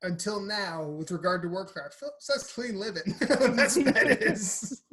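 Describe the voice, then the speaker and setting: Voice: mid-range voice, unhurried, fairly bright tone. A podcast host in casual chat who laughs often and keeps the conversation moving.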